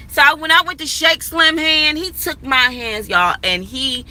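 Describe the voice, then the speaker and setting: A woman in her thirties tells a personal story directly to her viewers, speaking emphatically and repeating herself, her high, bright, pushed voice moving a little slowly with fairly even intonation. She records on a phone while riding in a moving vehicle outdoors as it passes under a bridge. The audio quality is poor.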